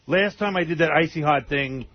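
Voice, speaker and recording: A man's voice: a little high, moderate pace, no echo. A man speaking as a guest on a radio show, crude and boastful. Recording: muffled radio broadcast.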